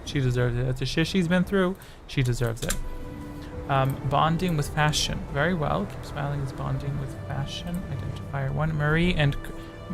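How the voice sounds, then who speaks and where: A man's voice: a little high, moderate pace, gravelly, music in the background. A man hosting a live-stream quiz game, rambling chattily between questions with jokey asides. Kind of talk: casual live-stream chat.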